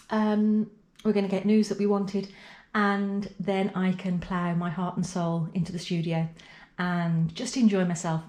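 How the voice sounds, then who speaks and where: A woman's voice: medium pitch, roomy sound. Chatty woman, unwell and tired. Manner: chatty, rambling, softly emotional. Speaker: pottery vlogger. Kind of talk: casual vlog talk to camera. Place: home pottery studio.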